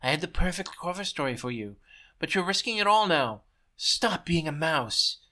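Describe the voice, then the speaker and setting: A man's voice: fairly high pitch, big pitch swings, moderate pace, sharp tone. A man voicing a scheming male propaganda minister who rants and schemes. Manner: shrieking, ranting fury.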